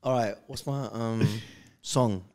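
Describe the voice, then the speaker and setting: A man co-hosting a casual podcast chat, earnest and quick to laugh as he gives life advice. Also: medium pitch, darkish tone. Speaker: podcast co-host.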